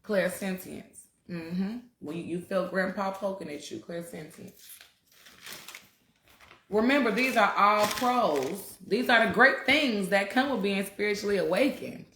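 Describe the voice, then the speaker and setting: A woman's voice: medium pitch, a little slow, a bit bright, slight background noise. Blunt, profane woman in a roomy space. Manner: blunt and profane, talks to viewers directly. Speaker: spiritual talk host. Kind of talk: casual livestream talk.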